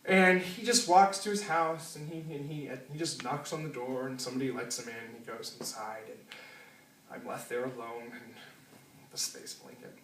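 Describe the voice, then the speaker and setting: A man's voice: medium pitch, moderate pace, a bit bright, roomy sound, recorded from a distance, slight background noise, rough recording. A man telling a funny personal story live, casual and laughing, with lots of fillers and swearing.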